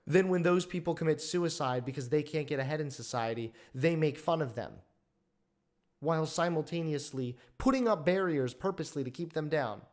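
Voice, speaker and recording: A man's voice: fairly high pitch, darkish tone. A young man hosting a reaction commentary video, talking in a sarcastic, blunt and exasperated way.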